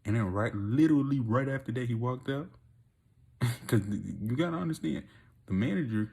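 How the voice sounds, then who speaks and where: A man telling a rambling, profane story in a casual monologue, often laughing and getting loud and excited. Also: mid-range voice, moderate pace, vocal fry. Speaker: vlogger.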